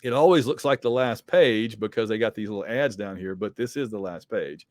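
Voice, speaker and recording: A man's voice: lowish voice, fairly quick, no echo. A man hosting a podcast, reading comic books aloud with chatty, wry commentary. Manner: chatty, wry asides, many fillers. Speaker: podcast host.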